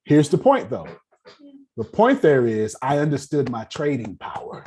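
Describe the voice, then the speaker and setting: Husky, animated man preaching to a crowd. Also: mid-range voice, normal speed. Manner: preachy, folksy, addresses listeners directly. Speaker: motivational speaker. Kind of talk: lively talk to a live audience.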